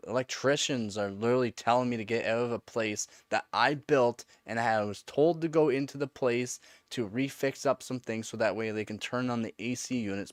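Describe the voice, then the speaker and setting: A man's voice: mid-range voice, dry recording, clean studio sound. A man chatting casually on a live stream, telling rambling stories with lots of fillers and laughter. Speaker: live streamer answering chat.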